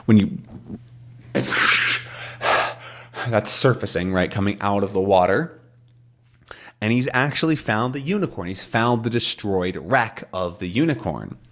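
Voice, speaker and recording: Animated man explaining English words. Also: on the low side, unhurried, pauses often. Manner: animated, checks in often with questions. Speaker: English teacher. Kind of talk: casual explanation for learners.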